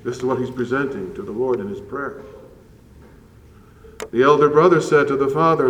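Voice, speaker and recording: A man preaching a sermon as a priest, measured and earnest with slow emphatic pauses. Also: medium pitch, steady tone, lo-fi sound. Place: church. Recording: roomy church echo from far off.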